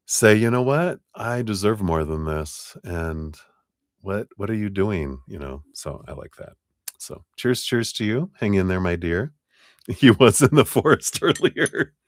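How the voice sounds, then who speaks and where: Deep-voiced man reading tarot live. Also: dry recording, studio quality. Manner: chatty, laughs often, acts out quotes. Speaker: tarot reader.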